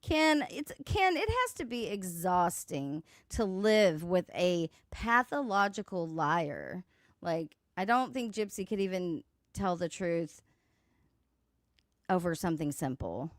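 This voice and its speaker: A woman's voice: fairly low pitch, very animated, slow pace, no room sound, studio quality. A woman hosting a casual commentary livestream, mocking and swearing. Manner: sassy, mocking, swears a lot, laughs at clips. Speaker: livestream host.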